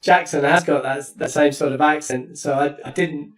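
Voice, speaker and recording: A podcast host from East London runs a casual interview chat, telling stories in a chatty way and restarting often. His voice is on the high side, steady, and at a normal speed, and he sounds distant from the mic.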